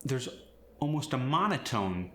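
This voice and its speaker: A man's voice: medium pitch, big pitch swings, unhurried, pushed and bright, reverberant. A man teaching an accent, explaining sounds and demonstrating example phrases. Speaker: accent coach. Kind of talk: scripted accent lesson.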